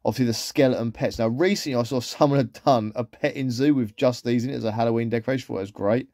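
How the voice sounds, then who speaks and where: Male vlogger, easygoing and rambling, mellow voice, dry close sound. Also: medium pitch, steady tone, quick pace, no echo. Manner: chatty, rambling, with trailing asides. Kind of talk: casual shopping haul commentary.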